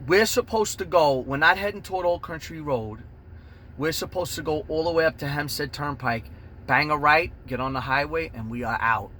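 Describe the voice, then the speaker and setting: Loud, animated New man, storytime vlogger, crisp bright tone, slight background hiss. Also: mid-range voice. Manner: animated, swears constantly, shouts out punches. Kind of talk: profane storytime monologue.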